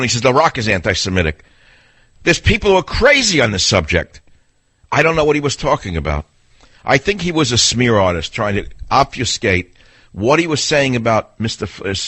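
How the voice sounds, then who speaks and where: A gruff, slightly husky older man behind a studio mic, his pitch swinging widely as he scolds and mocks. He talks in a blunt, sarcastic, argumentative way, like a veteran talk radio host. The sound is close and dry. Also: a bit bright, no room sound. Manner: blunt, sarcastic, argumentative, mimics people in voices. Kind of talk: combative call-in radio talk.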